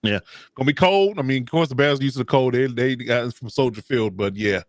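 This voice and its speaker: Casting: relaxed male sports show host, mid-pitched voice, dry close sound. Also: quick pace, no room sound. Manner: upbeat, steers the round of picks, many fillers. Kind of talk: casual sports chat.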